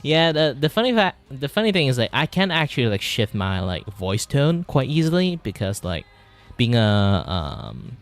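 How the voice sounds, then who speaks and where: A Malaysian man whose first language is Mandarin chats in Malaysian-accented English while drawing on his vtuber livestream. His mid-range voice swoops wildly in pitch at a moderate pace over soft background music; he rambles, uses lots of fillers, and shifts voice register to demonstrate things.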